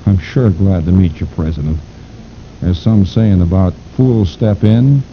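A man voicing a gruff, self-assured, powerfully built man who talks in an amused, folksy drawl. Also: measured pace. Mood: cocky. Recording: dull lo-fi recording with rumble.

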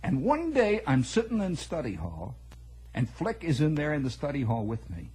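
A man telling a long personal story in an animated, conversational way, repeating words for emphasis. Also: fairly high pitch, normal speed, rough recording. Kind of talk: spoken storytelling monologue.

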